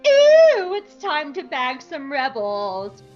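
Brief: a woman doing a squealing, high, gloating imperial villain; cartoonish menace. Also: huge pitch swings, slow pace, a little mellow, highs cut off, soft background music, full character voice.

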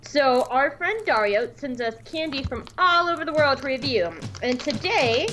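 A woman's voice: high voice, expressive, moderate pace, a bit bright, soft background music. A woman co-hosting a podcast, chatting in a giggly, playful way. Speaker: podcast co-host. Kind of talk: casual podcast chat.

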